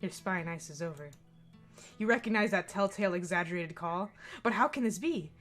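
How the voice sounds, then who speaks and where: A woman streaming a game, reading its narration aloud with animated, laughing asides. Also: fairly low pitch, brisk, soft background music. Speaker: let's play streamer. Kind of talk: reading a visual novel aloud with commentary.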